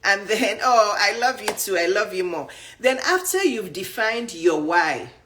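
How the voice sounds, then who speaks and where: A woman in her fifties with a Nigerian accent, giving a casual motivational talk to viewers, animated and full of rhetorical questions. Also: mid-range voice. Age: 50s. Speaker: dating and image coach. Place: live stream.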